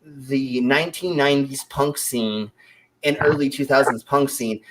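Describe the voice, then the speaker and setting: A man's voice: mid-range voice, steady tone, a little slow, background noise. A man in his twenties hosting a casual talk show, telling stories in a rambling way with many fillers and restarts. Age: 20s. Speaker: show host. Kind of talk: casual storytelling chat.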